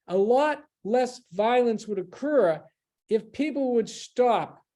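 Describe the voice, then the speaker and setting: Speaking at a library as its guest, this high-pitched man lectures the public in a conversational, explanatory manner. His voice sounds mellow and warm, and he frequently stops mid-thought to begin again.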